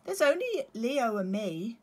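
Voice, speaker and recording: An excitable baby penguin from a children's storybook, voiced by a woman reading to a class. He squeaks high and lively, eager and a bit out of breath. The pitch leaps all over the place. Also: a little slow. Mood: curious. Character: excited little male penguin chick.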